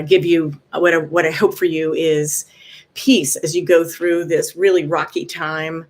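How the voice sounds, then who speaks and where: A woman speaking gently to a viewer, offering warm encouragement in a casual vlog. She pauses often to find her words and laughs softly now and then. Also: sits low, little pitch movement. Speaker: vlogger. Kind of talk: casual heartfelt advice talk.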